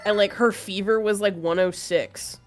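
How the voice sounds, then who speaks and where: A woman's voice: mid-range voice, moderate pace, faint music behind. A woman casually chatting while playing a game, telling a story and acting out what people said. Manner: animated storytelling, acts out quotes. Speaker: streamer co-host. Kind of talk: casual chat while gaming.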